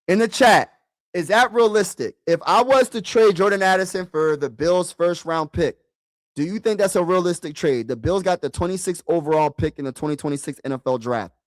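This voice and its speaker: A man's voice: a little high, no echo, studio quality. Chatty man live-streaming to his chat. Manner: talks to chat, repeats himself, casual slang. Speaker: sports streamer.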